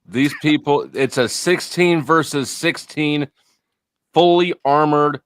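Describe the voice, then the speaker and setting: A man's voice: a little high, slow, clear, resonant tone, no room sound. A man commentating casually on a video during a livestream and pointing out the action with enthusiasm.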